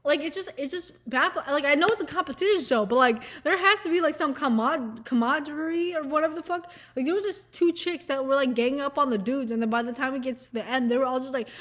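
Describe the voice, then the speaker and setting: A woman's voice: high-pitched, quick pace, few pauses, a bit bright. A woman, chatting casually in a rambling, swearing, giggly vlog style. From Southern United States. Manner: rambling, profane, giggly, lots of fillers. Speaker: vlogger. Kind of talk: casual chat.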